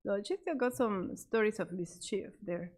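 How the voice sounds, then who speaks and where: A woman speaking at a middle pitch tells a story to a church class. She talks freely with fillers and restarts and lifts her voice to play the characters. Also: moderate pace. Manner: animated, acts out the quoted characters with raised pitch; many fillers and restarts, unscripted. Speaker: Sabbath School storyteller.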